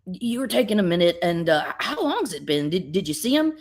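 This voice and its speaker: An earnest, polite young girl, as a woman puts her on for a comic book retelling. She chatters eagerly in a voice pushed well above the speaker's usual low register, and her tone is lively and bright. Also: a little fast.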